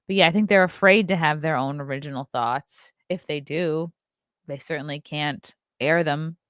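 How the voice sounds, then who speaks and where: A woman with a low voice hosts a casual live stream, reading the chat aloud at a normal pace, blunt and profane, chatting away and laughing often. The recording is muffled but has no echo.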